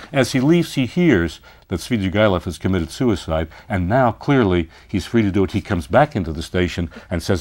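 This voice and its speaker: An older man giving a university literature lecture, retelling a story with animated emphasis. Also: mid-range voice.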